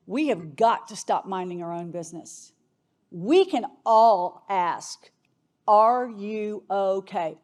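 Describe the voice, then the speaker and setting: A woman's voice: a little high, darkish tone. A middle-aged woman attorney giving an earnest conference talk, telling a story and shifting her pace and volume for emphasis. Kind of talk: emotional keynote storytelling.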